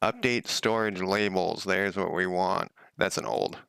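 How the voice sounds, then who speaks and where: A man's voice: low voice, unhurried, gravelly, a bit bright, clean tone, dry recording, clean studio sound. A man streaming himself working on a game at home, thinking aloud in a casual, rambling way and often correcting himself. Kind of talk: casual live-coding commentary.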